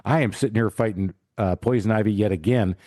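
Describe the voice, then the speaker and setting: A middle-aged man hosting a podcast, telling animated, self-mocking stories in casual chat. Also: on the low side, fairly quick, dry recording, clean studio sound. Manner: animated storyteller, self-mocking, acts out voices. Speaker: podcast host.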